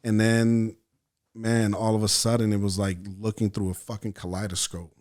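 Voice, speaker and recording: Man, from El Salvador, podcast guest, low-pitched, cursing, animated storytelling. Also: moderate pace. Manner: profane, animated storyteller acting out his own thoughts. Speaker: podcast guest, actor and writer. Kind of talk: casual storytelling chat.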